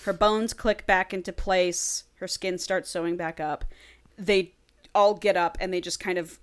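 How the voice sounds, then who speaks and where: A woman's voice: lowish voice, fairly even intonation, unhurried, smooth. A woman casually retelling a book's plot on a podcast, swearing freely and acting out the characters' lines. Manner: chatty, swears freely, acts out dialogue. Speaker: podcast co-host.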